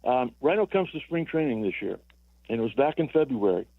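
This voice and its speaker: A man's voice: medium pitch, sing-song, a little fast, no echo. A man in his sixties, a former ballplayer calling in to a sports radio show, telling rambling stories with repeated words and chuckles. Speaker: former baseball player guest. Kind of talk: phone-in storytelling on sports radio. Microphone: telephone. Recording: tinny dry phone line.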